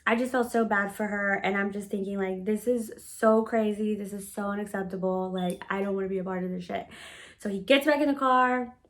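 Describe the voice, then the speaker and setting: A woman's voice: medium pitch, a little fast. A woman casually telling a story from her own life. She talks bluntly, swears freely, uses lots of filler words, and acts out her own past words as she goes. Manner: animated retelling, often acting out her own past words. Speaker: storytime vlogger.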